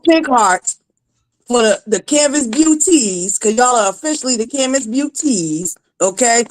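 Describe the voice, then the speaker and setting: A woman's voice: fairly high pitch, animated, unhurried, low-quality recording. A woman hosting a casual live stream, talking emphatically to her viewers. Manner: emphatic, preachy, talks straight to the chat. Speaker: host.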